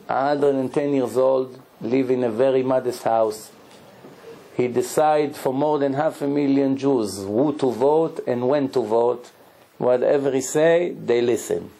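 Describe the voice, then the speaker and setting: A man, a rabbi telling stories in a lively sermon and acting out the people in them. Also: medium pitch, gravelly. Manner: animated storyteller, acts out pleading and crying. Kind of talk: storytelling sermon.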